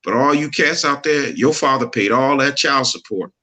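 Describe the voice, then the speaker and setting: Bright-voiced earnest middle-aged man. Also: medium pitch, moderate pace. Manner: earnest, preachy, laughs easily. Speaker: podcast co-host. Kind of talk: casual chat, storytelling.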